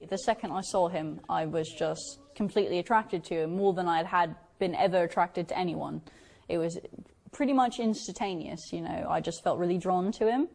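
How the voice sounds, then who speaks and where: A woman speaks in a documentary interview. She gushes and hesitates, filling her pauses with ums and uhs. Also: on the low side, a little mellow. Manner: gushing, hesitant with fillers.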